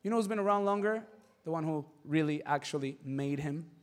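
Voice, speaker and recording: Animated high-voiced male preacher. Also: brisk. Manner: animated storytelling with acted voices; emphatic, rising to shouts. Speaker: pastor. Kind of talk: sermon.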